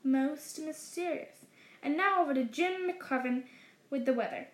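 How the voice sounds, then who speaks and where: A woman's voice: sits high, a little slow. A woman voicing a male evening newsreader with a formal broadcast delivery in a storybook. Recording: roomy echo.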